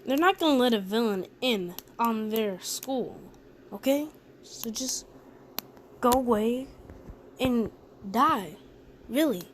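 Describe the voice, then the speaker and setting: A woman's voice: fairly high pitch, slight background noise. A woman voicing a cocky teenage boy bully who taunts in slang. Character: cocky cruel teen boy bully, loud and mocking.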